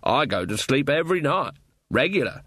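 A man voicing a slow-witted, literal-minded village man who catches on late. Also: mid-range voice, very animated, fairly bright tone, dry recording. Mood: blunt. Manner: slow, dim, grinning.

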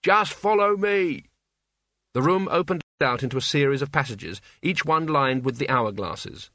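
This male audiobook narrator reads a scripted story in a measured, even manner. His voice sits in the mid-range, and the recording is dry with clean studio sound.

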